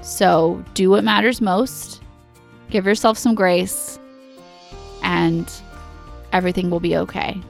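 A woman's voice: fairly low pitch, fairly even intonation, slow, creaky, long pauses, soft background music. A woman in her thirties hosting a podcast, giving a casual, earnest pep talk to other moms. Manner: earnest, pep-talk, direct address to listeners. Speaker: podcast host.

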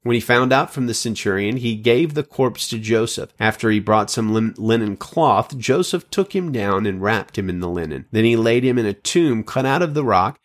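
A man preaching a sermon, reading scripture and quotations in an earnest, measured way with emphatic phrasing. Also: fairly low pitch, animated.

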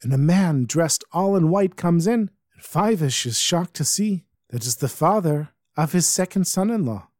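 A man storyteller telling a Hasidic tale in a lively, emphatic way. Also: fairly high pitch, moderate pace, hardly any pauses.

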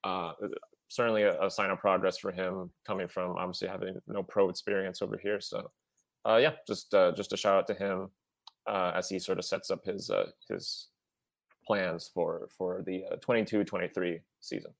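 Man, very low voice, podcast co-host, halting relaxed chat, dry recording. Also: gravelly, no room sound. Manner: halting, many fillers, relaxed.

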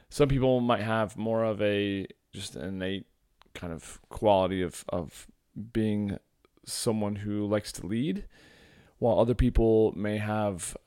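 A man hosting a solo podcast, his voice sitting low with a slightly groggy morning tone. He talks in a casual, reflective way, pausing on "uh" and circling back as he works through his thoughts. The sound is close and dry, with no room around it. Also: a little mellow, smooth, dry recording. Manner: reflective, thinking aloud with many fillers and restarts. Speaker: podcast host and men's coach.

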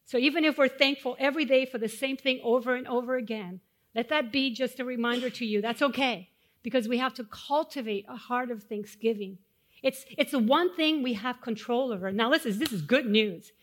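A woman pastor giving a sermon, asking the congregation questions and dropping to hushed, solemn tones when telling stories of loss. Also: fairly high pitch, fairly quick. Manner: dynamic, swings from loud rhetorical questions to hushed solemn tones.

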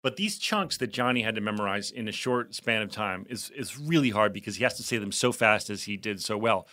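Man, bright tone, chatty podcast co-host, rambling anecdotes. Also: on the low side, animated, fairly quick. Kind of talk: casual chat.

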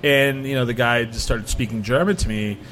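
A man's voice: mid-range voice, fairly quick, a bit bright, a little hiss or hum. A middle-aged American man in casual chat, telling rambling travel stories and acting out quotes. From United States. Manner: rambling storyteller, many "like" fillers, acts out quotes.

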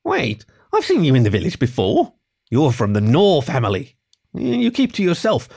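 A man voicing a short, scrappy male fennec fox tomb robber in a high, strained, agitated voice. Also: huge pitch swings, normal speed, vocal fry, a little mellow, exaggerated voice.

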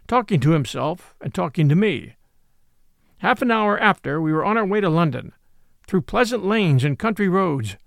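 A man reading a classic novel aloud as an audiobook, in a gentle storytelling manner. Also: high-pitched, creaky, dry recording, clean studio sound. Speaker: audiobook narrator. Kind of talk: scripted narration of a classic novel.

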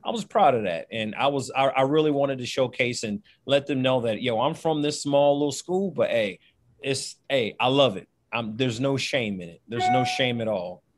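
A man, a former football player, talking in an animated and emphatic way during an interview. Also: mid-range voice, moderate pace, dry recording. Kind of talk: interview conversation. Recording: dry close sound.

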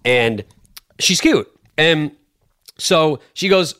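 Young guy podcast guest, lively swings in pitch, swears, quick to defend himself. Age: 20s. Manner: animated, defensive, swears a lot. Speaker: podcast guest and clip shooter. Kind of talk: casual chat, storytelling.

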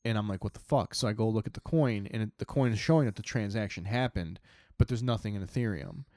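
A man's voice: fairly low pitch, fast, mellow, no echo, clean studio sound. A young man, a podcast host, tells a story in casual chat, swearing often and acting out his own reactions.

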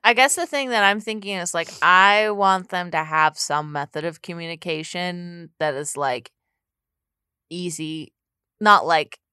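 A woman co-hosting a podcast in casual chat, playful and quick to laugh, with jokey asides. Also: fairly low pitch, pushed and bright, clean tone, no room sound, studio quality. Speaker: podcast co-host.

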